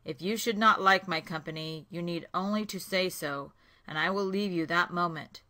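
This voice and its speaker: A woman voicing a gentle, lonely male beast in a storybook read-aloud, speaking earnestly and louder than her narration. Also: fairly low pitch, moderate pace. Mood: humble.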